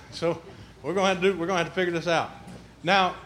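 Folksy preacher in an echoey church. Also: male voice, high-pitched, fairly even intonation, fast, a bit bright, a little hiss or hum. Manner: folksy, conversational preaching with asides. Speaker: pastor. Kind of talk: sermon. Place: church sanctuary. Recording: roomy church echo.

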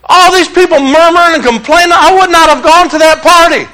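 A male preacher with a very high, bright and forceful voice. He preaches in an animated, joking, conversational style. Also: normal speed, rough recording. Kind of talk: sermon.

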